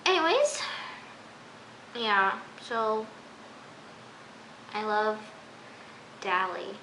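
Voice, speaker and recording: A woman's voice: fairly high pitch, very animated, extremely slow, long pauses, noisy background. A teenage girl reviewing a TV episode in a casual, rambling, exasperated way, full of "like" and repeated phrases. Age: teens. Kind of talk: casual recap vlog. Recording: echoey room.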